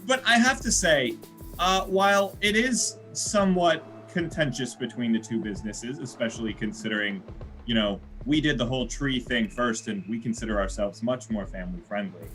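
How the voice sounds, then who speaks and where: A man's voice: mid-range voice, normal speed, a bit bright, soft background music, close to an everyday voice. A man improvising a petty male orchard owner who grumbles through a grudging review. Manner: rambling, grudging. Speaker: improv comedian.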